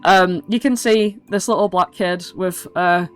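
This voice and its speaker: A woman's voice: on the low side, steady tone, a little slow, clear, resonant tone, faint music behind. A young British woman narrating as game master, rambling, with lots of "like" and "um". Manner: rambling, full of "like" and "um". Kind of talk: casual tabletop narration.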